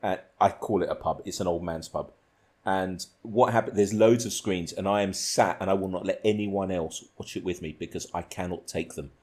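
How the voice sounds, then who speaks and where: A man's voice: deep voice, steady tone, moderate pace, a little mellow. A man hosting a casual podcast, telling rambling stories and laughing often. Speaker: podcast host.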